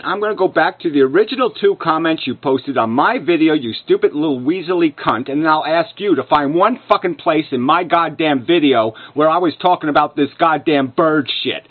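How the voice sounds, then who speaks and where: A man's voice: a little high, animated, a little fast, hardly any pauses. A man delivering an angry, profane rebuttal rant full of insults, as a video commentator. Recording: narrow phone-like lo-fi sound.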